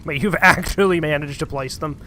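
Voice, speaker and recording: Bright, dry-humored young man. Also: on the high side, a little fast, a little hiss or hum. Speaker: co-player. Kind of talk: casual gaming chat.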